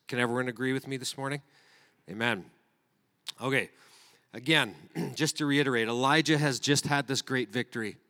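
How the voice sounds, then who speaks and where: A man's voice: mid-range voice, fairly bright tone. A man preaching a sermon, reading scripture aloud and then speaking to the congregation in an earnest way. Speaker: pastor. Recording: reverberant hall.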